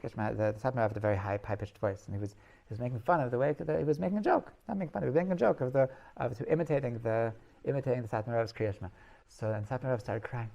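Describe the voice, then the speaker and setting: Gravelly rabbi telling stories. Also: male voice, mid-range voice, very fast, few pauses, mellow, lo-fi sound. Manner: rambling, repeats and restarts, laughs at his own stories. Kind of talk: storytelling Torah class.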